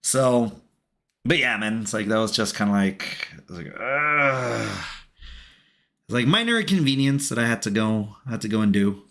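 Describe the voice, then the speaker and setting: A man's voice: fairly low pitch, animated, brisk, a bit bright. Rambling, filler-heavy casual man. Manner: loose, filler-heavy, says "dude" and "it's like" constantly. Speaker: livestream host building a Lego set. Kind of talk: rambling casual storytelling while building.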